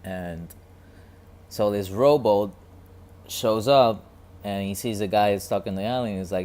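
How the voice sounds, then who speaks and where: A man vlogging a casual reflective monologue, talking quietly and rambling with many restarts and repeated words. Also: on the low side, a little slow, long pauses.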